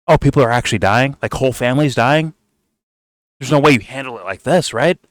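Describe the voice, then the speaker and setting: A man's voice: mid-range voice, animated, fairly quick, no echo, studio quality. A man commenting on a debate clip in a blunt, profane, exasperated rant.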